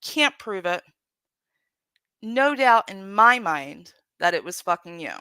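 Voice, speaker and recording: Streamer woman, blunt, profane rant, bright sharp tone, dry close sound. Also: mid-range voice, lively intonation, takes it slowly, clean tone, no room sound. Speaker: livestream host. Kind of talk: heated livestream rant.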